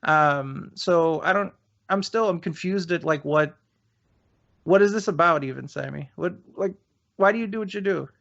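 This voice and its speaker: A man's voice: fairly high pitch, moderate pace, vocal fry, fairly bright tone. A man hosting a podcast, needling and mocking his guest in a heated debate, often restarting his sentences. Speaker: podcast host. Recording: dull lo-fi podcast audio.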